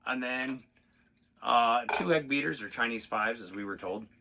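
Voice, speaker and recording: Heavy background noise surrounds this drummer's creaky, mid-range voice, which is animated and moves at a normal speed. In a casual spoken demonstration he rambles through drum rudiments, cursing freely and counting the beats aloud, with a drum pad playing behind him.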